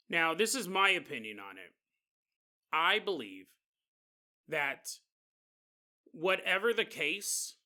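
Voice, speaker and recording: A man hosting a podcast, telling a story in an animated, jokey way. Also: fairly high pitch. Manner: animated and jokey, often laughing. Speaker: podcast host. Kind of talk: comedic storytelling.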